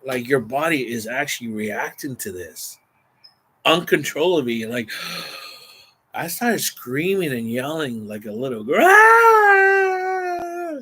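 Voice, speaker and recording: A man vlogging, telling a rambling, animated story casually to the camera. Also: medium pitch, a little hiss or hum. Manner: rambling, animated, exaggerating for effect.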